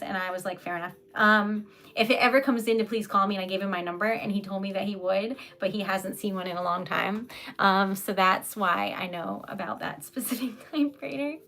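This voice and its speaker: A young woman hosting a casual livestream, chatty and giggly, sometimes dropping into soft whispers as she reads comments. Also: mid-range voice. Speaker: livestream host selling typewritten poetry.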